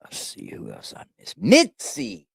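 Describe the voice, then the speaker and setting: A man's voice: sits high, wildly swooping pitch, measured pace, creaky, husky, no room sound, clean studio sound. A man hosting a casual livestream, greeting chatters by name in a loose, profane, playful way. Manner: profane, slangy. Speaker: livestream host. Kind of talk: casual live-chat roll call. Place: home. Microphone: fixed camera on a stabilizer.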